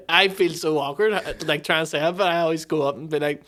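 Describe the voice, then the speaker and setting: A man's voice: fairly high pitch, fairly even intonation, a little fast, fairly bright tone. A man in casual banter, talking hesitantly and self-consciously.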